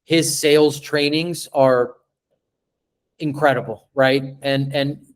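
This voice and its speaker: Slowly paced but animated, a man leads a live sales training over video call. He acts out client pitches, drawing out and repeating words.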